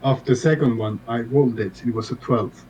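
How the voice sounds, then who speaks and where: A man's voice: medium pitch, brisk, mellow, highs cut off, a little hiss or hum. Playful man asking rules questions. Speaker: player. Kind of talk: casual tabletop game chat.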